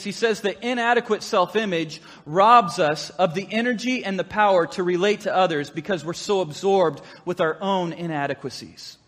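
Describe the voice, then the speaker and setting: A man preaching a sermon to his congregation, telling a story in a lively, conversational way. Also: high-pitched. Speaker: pastor. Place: church sanctuary. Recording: long hall reverb.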